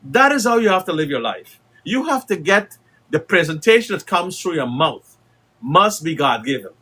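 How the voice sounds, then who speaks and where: A man's voice: fairly high pitch, sing-song, normal speed, sharp tone, breathy edge. Fiery Guyanese man giving a speech. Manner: oratorical, rising to emphatic declarations. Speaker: political commentator. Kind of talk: impassioned broadcast speech.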